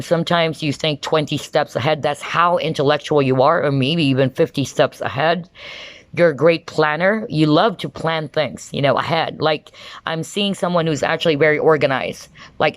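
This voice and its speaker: A woman with a low-sitting voice, recorded without echo, gives a pick-a-card tarot reading to camera. She is chatty and excitable, frequently bursting into exclamations and checking in with the viewer.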